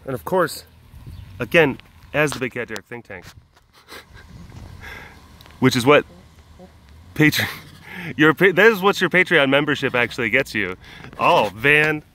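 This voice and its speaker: A man's voice: fairly high pitch, expressive, a little slow, long pauses, sharp tone, a little hiss or hum, rough recording. A man hosting a casual vlog, rambling through ideas with self-mocking asides and frequent laughs. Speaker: host.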